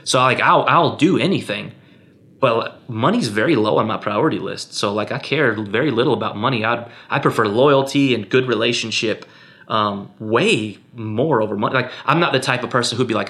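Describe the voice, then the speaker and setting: A young man, a filmmaker, answering interview questions in a relaxed, candid way, with lots of fillers and quick acted-out quotes of other people. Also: medium pitch. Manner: relaxed and candid, many fillers like um and you know; acts out other people's lines in a raised voice. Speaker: filmmaker guest.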